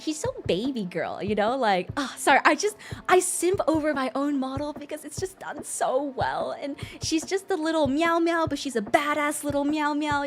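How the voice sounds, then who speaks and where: Animated, lively woman streamer. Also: high-pitched. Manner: animated, expressive, laughs often, swears casually. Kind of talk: casual livestream chat.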